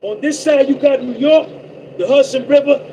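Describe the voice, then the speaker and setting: A man's voice: extremely high pitch, moderate pace, creaky, a little hiss or hum, poor audio. A man from North Jersey with a New Jersey accent, boasting and repeating himself in a casual live-stream monologue. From North Jersey, USA. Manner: boastful, repetitive, giving shout-outs. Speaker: trucker livestream host.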